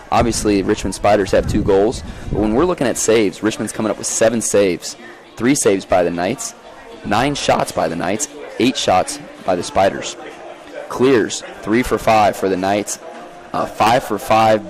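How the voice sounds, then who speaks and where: A man giving live play-by-play commentary on a lacrosse game outdoors, folksy and energetic as he calls the action. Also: fairly low pitch.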